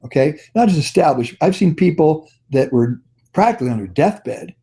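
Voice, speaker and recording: His voice is fairly high yet dark in tone, animated and at normal speed. The man is leading a motivational network marketing training over a conference call, sharing stories in a folksy, upbeat, encouraging manner.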